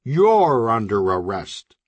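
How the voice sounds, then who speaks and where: A man voicing a brash male undercover cop who makes slow, combative threats. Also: lowish voice, big pitch swings, no echo, full character voice.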